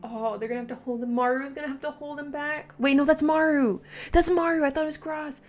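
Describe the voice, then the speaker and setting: A woman reacting excitedly and exclaiming as she reads through a manga chapter. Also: high voice, a little fast, faint music behind. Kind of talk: casual reaction commentary.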